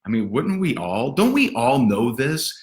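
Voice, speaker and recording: A man giving livestream sales training in an energetic, sarcastic, punchy motivational way. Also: medium pitch, unhurried. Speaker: network marketing trainer. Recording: roomy echo.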